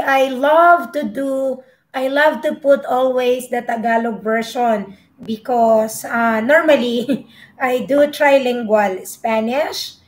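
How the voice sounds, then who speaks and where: Woman tutor, young, slightly high voice, very slow and patient, echoey room. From Philippines. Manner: slow, patient, explains each word and repeats it. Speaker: language tutor. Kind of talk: live-streamed language lesson.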